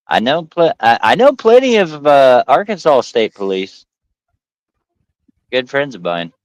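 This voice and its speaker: This casual podcast's host is a lively storyteller who performs the quotes of the characters in his tales. His medium-pitched voice moves at a measured pace, and the recording is rough though free of room sound.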